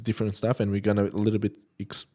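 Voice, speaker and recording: A man who owns a restaurant, speaking as a guest in a casual chat, with halting phrasing and frequent restarts. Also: lowish voice, monotone, mellow. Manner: halting, restarts sentences, non-native phrasing.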